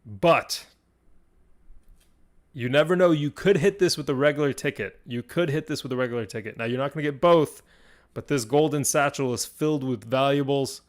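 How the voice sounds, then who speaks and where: A young man hosting a live stream as game master, swinging between hushed, suspenseful fantasy narration and excited chat with viewers. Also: medium pitch, moderate pace.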